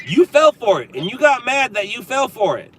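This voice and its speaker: A man's voice: extremely high pitch, big pitch swings, moderate pace. A man from Southern California hosting a casual livestream, talking back to viewer comments in a sarcastic, riffing way. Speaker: livestream host. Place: in a car.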